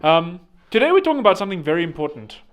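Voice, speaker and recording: A man hosting a solo podcast, joking and rambling with self-mocking asides and sudden loud bursts. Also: high-pitched, sing-song, very fast. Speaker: podcast host. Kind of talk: jokey solo podcast monologue. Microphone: studio microphone.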